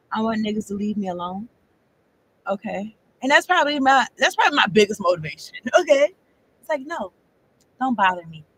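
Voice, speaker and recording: Woman tarot reader, high voice, rambling casual monologue, frequent profanity, laughs often. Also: fairly bright tone, rough recording.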